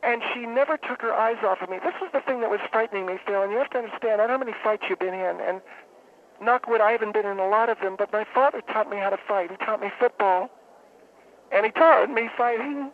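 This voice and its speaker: A man playing a rambling, deadpan woman football fan phoning in to a comic radio bit. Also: sits high, voice pushed up. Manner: rambling, deadpan, halting with fillers. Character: woman caller, brawling football fan, middle-aged. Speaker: caller. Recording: tinny phone line, faint hiss.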